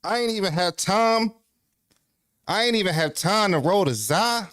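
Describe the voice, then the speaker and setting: A man's voice: high-pitched, expressive, measured pace, a bit bright, smooth, no echo, clean studio sound. A man hosting a casual livestream, out of breath, talking in a loose, profane, rambling way with lots of restarts. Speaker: livestream host.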